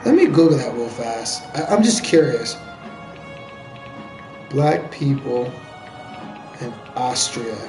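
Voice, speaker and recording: An American man chatting casually with viewers during a live game stream, joking and answering their questions out loud. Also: mid-range voice, very animated, takes it slowly, pauses often. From United States. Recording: roomy echo with faint background music.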